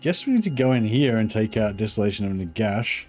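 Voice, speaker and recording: A man's voice: on the low side, lively intonation, fairly quick, darkish tone, soft background music. A man hosting a gaming channel, giving offhand commentary as he plays, thinking aloud and swearing now and then. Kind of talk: casual gameplay commentary.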